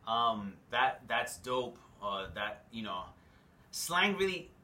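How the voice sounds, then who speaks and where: A man's voice: mid-range voice, big pitch swings, slow pace, sharp tone, reverberant. A young man with a New York accent, chatting casually and loosely, full of slang and "like". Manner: laid-back, slangy, lots of "like". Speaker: host. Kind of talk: casual chat.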